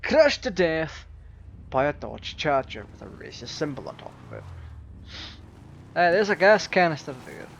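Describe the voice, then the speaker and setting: A man talks his viewers through a game in a loose, jokey way. His voice sits a little high and bounces all over the place as he reacts, and a faint hum of noise hangs behind him. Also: normal speed, creaky, pauses often. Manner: chatty, jokey, excitable reactions. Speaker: gaming YouTuber. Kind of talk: casual gameplay commentary.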